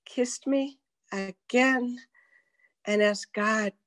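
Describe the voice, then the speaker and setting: An older woman telling a personal story in a slow, deliberate way, dropping to a whisper at tense moments. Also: on the high side, a bit bright, no echo. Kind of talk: personal story told to an audience.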